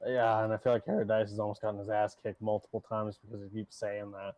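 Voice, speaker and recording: A man's voice: fairly low pitch, little pitch movement, fast, a little mellow, no room sound, lo-fi sound. A man narrating as game master in a tabletop game, rambling and laughing often.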